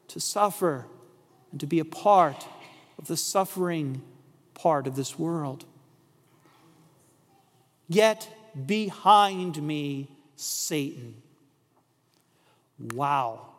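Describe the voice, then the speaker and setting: A man preaching a sermon as pastor, slow and deliberate, asking rhetorical questions. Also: sits high, in a large hall.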